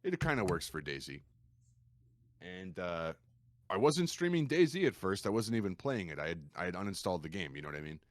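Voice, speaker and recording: A man with a low voice, a streamer guest on a podcast, telling his stories in a lively, animated way. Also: a little fast, dry recording, clean studio sound. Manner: animated storyteller, acts out quoted gamers in a raised voice. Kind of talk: casual podcast conversation.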